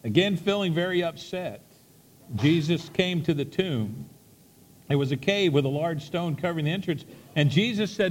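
A man's voice: a little high, expressive, a little slow, in a large hall. A man preaching a sermon, retelling a story in a conversational way with many repeats and restarts.

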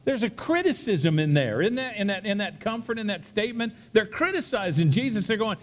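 A man's voice: sits high, expressive, brisk, few pauses, in a large hall. A man preaching a sermon, retelling a story in a conversational way with many repeats and restarts.

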